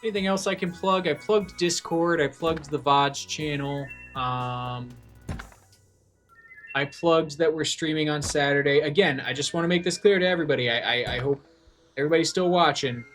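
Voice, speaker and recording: A man's voice: on the high side, moderate pace, fairly bright tone, soft background music. A man streaming a farming game, chatting casually and jokingly with viewers in a rambling way full of fillers and restarts. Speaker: livestreamer. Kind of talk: casual livestream chat.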